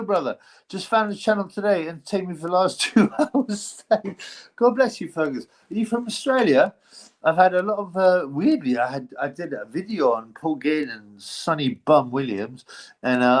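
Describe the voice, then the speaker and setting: A middle-aged man hosting a live stream, chatting loosely and reading out donations with plenty of slang, swearing and fillers. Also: a little high. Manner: rambling, slangy, swears freely, lots of fillers.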